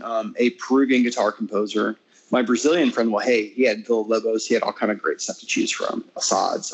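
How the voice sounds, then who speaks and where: Casting: middle-aged American man, musician guest, chatty and meandering, lots of false starts, mid pitch. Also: slightly rough, rough recording. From United States. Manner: rambling, many restarts and fillers, animated when retelling. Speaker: classical guitarist and interview guest. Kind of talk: casual conversational interview.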